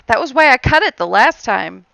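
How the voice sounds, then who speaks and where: Playful giggly woman hosting a chat, bright gravelly voice, crisp. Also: fairly high pitch, no echo, low-quality recording. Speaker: podcast host and streamer. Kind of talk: casual chat with friends.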